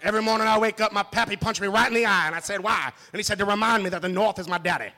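A man's voice: high voice, rapid-fire, sharp tone. A male comic in a comedy club, trading crude roast jokes with a brash, punchy delivery. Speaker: stand-up comic in a debate show. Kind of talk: crude roast-style stand-up.

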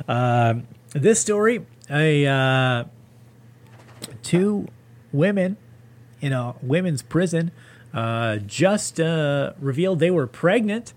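A man's voice: a little high, expressive, slow pace, long pauses. A man hosting a solo comedy podcast, ranting with profane sarcasm.

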